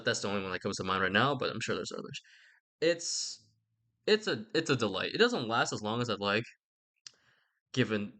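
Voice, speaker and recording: A man talking through a story in a loose, meandering ramble. He drops slang and the odd swear, and he keeps backing up to rephrase. His pitch sits in the middle range for a man. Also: a bit bright. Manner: meandering, self-correcting, slangy and irreverent. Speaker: video essayist. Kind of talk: rambling casual commentary.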